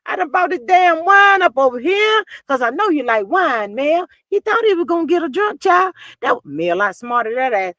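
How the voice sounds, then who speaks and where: A woman hosting a live stream, chatting casually and reading viewer comments, animated and drawling, often calling people "child". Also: very high-pitched, moderate pace, few pauses, no room sound, clean studio sound.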